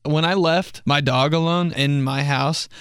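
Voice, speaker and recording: A man's voice: fairly high pitch, steady tone, measured pace, a bit bright, clear, resonant tone, no echo, studio quality. A young man hosting a comedy podcast, telling stories casually, swearing and laughing at his own jokes. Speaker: podcast host.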